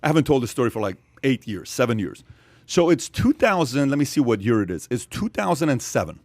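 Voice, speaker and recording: A man hosting a podcast, telling a long story with energy and emphasis, with sudden loud jumps in his voice. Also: medium pitch, sing-song, a little fast, no echo. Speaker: podcast host. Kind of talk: animated storytelling in podcast chat.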